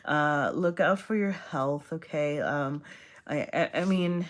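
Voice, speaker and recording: Woman tarot reader, low voice, chatty and rambling, giggles at herself. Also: takes it slowly. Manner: rambling, laughs at herself, many fillers. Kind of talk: casual tarot reading.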